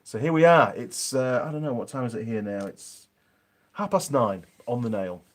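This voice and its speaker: A man's voice: mid-range voice, animated, moderate pace. A man with a Yorkshire accent chatting casually on a live stream from his home workshop, reading out viewer comments with plenty of ums.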